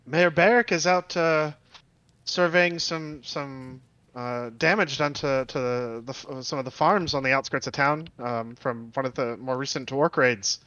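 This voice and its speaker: A man narrating as game master of a tabletop game, halting with many fillers and restarts. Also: medium pitch, sharp tone, clean tone, dry recording, dull audio.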